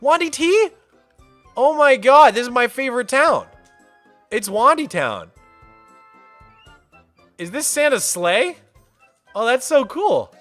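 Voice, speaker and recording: A young man chatting casually while hosting a game stream, excitable and playful, greeting viewers by name. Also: very high-pitched, takes it slowly, long pauses, soft background music. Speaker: livestreamer and server host.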